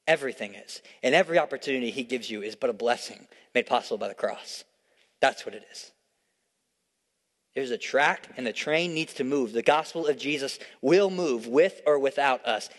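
A young adult man preaching a sermon in church, emphatic and repetitive, swinging between hushed storytelling and loud declarations. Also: mid-range voice. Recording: long hall reverb.

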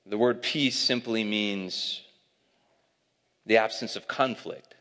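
A young adult man preaching a sermon, telling a lively family story and laughing at it. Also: on the low side, takes it slowly. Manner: storytelling, animated, laughing at his own stories. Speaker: pastor. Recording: long hall reverb.

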